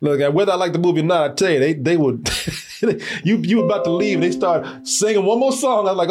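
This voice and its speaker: A man co-hosting a casual movie podcast, animated and laughing often. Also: high voice, fast. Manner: animated, laughing, talks to his dog. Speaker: podcast co-host. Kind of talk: casual chat.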